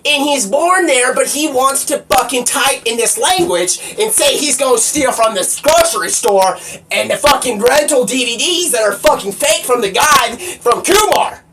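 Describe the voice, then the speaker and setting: Dude streamer rambling and cussing, kinda far from the mic, faint hiss behind. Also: male voice, very high voice, moderate pace. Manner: rambling, profane, excitable, with bursts of shouting. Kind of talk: rambling live-stream monologue. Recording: distant mic with faint background noise.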